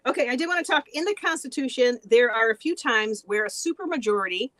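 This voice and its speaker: A woman's voice: fairly high pitch, lively intonation, fast, a bit bright, dry recording, rough recording. Chatty, laughing podcast woman. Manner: laughs often, chatty explaining. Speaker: podcast host. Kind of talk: casual chat and explanation.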